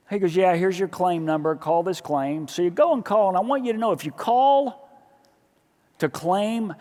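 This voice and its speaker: A man preaching a sermon as pastor, telling a story with lively acted-out dialogue. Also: high voice, normal speed. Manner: animated storytelling, acting out dialogue in his own voice. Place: church sanctuary. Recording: church hall with long reverb.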